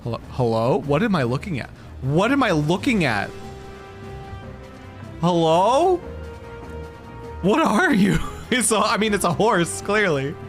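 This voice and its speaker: A man's voice: high voice, very animated, a little slow, long pauses, faint music behind. A young man streaming a game, chatting casually, joking and reacting to his chat.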